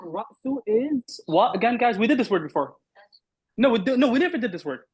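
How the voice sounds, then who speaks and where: Husky-voiced man teaching Arabic. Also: very high-pitched, very animated, fast, darkish tone, poor audio. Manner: corrective, repeats words, quizzes students. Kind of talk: online class teaching.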